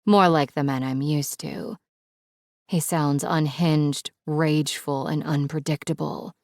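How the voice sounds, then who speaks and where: Woman reading an audiobook, low gravelly voice, slow and dramatic, dry sound. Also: fairly even intonation, no room sound. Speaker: audiobook narrator. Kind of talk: scripted first-person audiobook narration.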